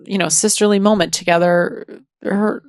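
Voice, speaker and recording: A woman co-hosting a podcast, retelling episodes in an animated, gushing way with frequent laughs. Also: medium pitch, moderate pace, a little hiss or hum. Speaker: podcast co-host. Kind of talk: casual recap chat.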